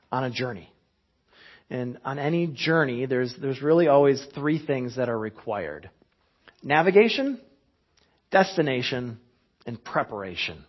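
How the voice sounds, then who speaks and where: A pastor in his thirties delivers a relaxed, chatty sermon, chuckling now and then and restarting his sentences. His voice is husky and sits at a middle pitch. The recording sounds dull and muffled. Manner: conversational, chuckling, many restarts.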